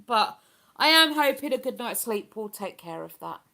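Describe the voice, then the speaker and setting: A woman's voice: a little high, animated, normal speed, creaky, bright, forceful tone. A woman with a chatty, rambling manner, hosting a casual live stream and reading out viewer comments. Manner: chatty, rambling, with many fillers.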